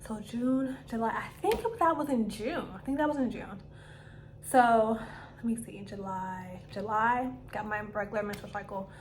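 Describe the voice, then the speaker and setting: A young woman vlogger, telling a personal story to camera in a casual, animated way and acting out her own quoted lines. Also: fairly high pitch, moderate pace, slight background noise.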